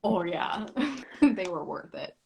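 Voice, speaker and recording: Animated young woman, acting out quotes. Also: mid-range voice, slow pace, vocal fry, husky. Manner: animated, acts out voices and quotes, laughs often. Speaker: guest actress and comedian. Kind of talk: lively live interview chat.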